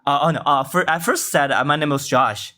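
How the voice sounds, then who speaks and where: A man in his late twenties from China, speaking English with a Chinese accent, chatting politely with many pauses and restarts. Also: on the high side, sharp tone. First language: Mandarin. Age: late 20s. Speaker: teacher and guest. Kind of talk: casual English practice chat.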